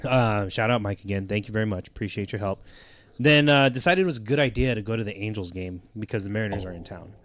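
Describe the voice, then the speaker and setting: A man's voice: fairly low pitch, fast, fairly bright tone. A man co-hosting a podcast, chatting casually, joking, laughing often and swearing freely. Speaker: podcast co-host. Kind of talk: casual chat.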